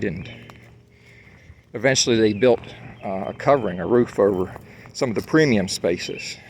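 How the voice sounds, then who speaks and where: Out on a hike, a vlogger talks to his viewers in a casual walking monologue, rambling with lots of fillers and restarts. His voice is fairly low, and there's a little hiss or hum in the recording.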